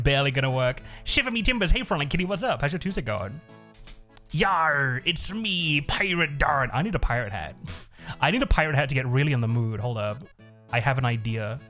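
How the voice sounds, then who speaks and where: A man's voice: medium pitch, fairly bright tone. A man streaming live, chatting casually in a rambling way, swearing a lot and laughing often. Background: faint looping background music.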